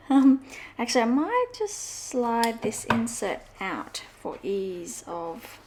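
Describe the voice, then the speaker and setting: A woman's voice: fairly high pitch, animated, very slow, background noise. A woman chatting casually while decorating a journal, meandering through her thoughts with fillers and self-corrections in a sing-song way. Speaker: journaling vlogger. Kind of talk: casual crafting chat.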